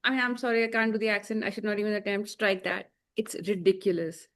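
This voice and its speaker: A woman's voice: mid-range voice, quick pace. A woman co-hosting a casual review chat, ranting emphatically with sarcasm and plenty of swearing. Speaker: co-host.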